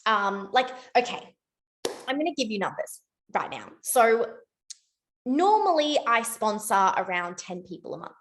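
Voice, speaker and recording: A young woman giving a casual motivational talk to her sales team, chatty and rambling, with lots of "like" and quick self-corrections. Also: mid-range voice, a bit bright. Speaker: network marketing team leader.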